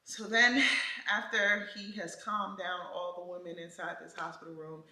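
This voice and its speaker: A woman vlogger casually telling her birth story in an animated way, often laughing. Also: fairly low pitch, normal speed, roomy sound, rough recording.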